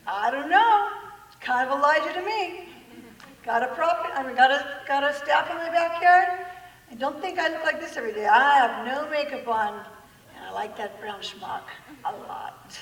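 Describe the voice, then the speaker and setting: A woman giving an animated public talk, laughing often and acting out the people she quotes. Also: high voice, moderate pace. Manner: lively, laughing, quotes people in acted voices. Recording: echoey hall from far off.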